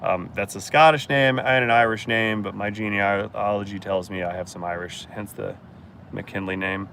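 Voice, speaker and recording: A man's voice: on the low side, fairly even intonation, normal speed, gravelly, a bit bright, slight background noise. A man hosting a casual live-stream Q&A as a mechanic, blunt and joking as he answers chat.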